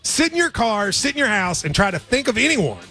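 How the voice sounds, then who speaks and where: A man's voice: high-pitched, big pitch swings, brisk, bright, forceful tone, faint music behind. A man hosting a sports radio show, bantering playfully about picks. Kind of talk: casual sports betting chat.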